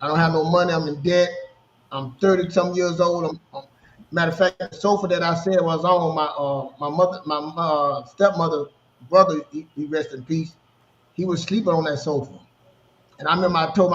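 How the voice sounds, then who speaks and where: A man in his thirties telling personal stories in a casual podcast conversation, animated and full of restarts. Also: a little high, fairly quick, a little hiss or hum. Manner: storytelling, animated, repeats words and restarts. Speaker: podcast co-host. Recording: roomy, dull lo-fi sound.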